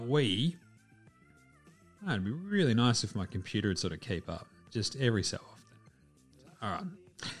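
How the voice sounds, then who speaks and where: A man hosting a basketball show in casual solo commentary, loose and chatty, with the odd swear word. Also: mid-range voice. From Australia. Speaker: basketball podcast host.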